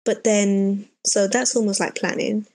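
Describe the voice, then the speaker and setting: A young woman in a casual podcast chat, speaking in a measured, hedging way. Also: mid-range voice, flat delivery, a little mellow, no echo. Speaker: podcast co-host.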